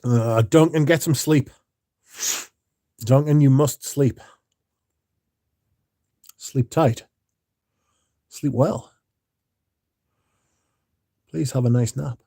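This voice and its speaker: Mellow, sweary man chatting. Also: medium pitch, extremely slow, creaky, long pauses, no room sound, clean studio sound. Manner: rambling and sweary, chatting to viewers. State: sleepy, yawning. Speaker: livestream host. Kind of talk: casual livestream chat.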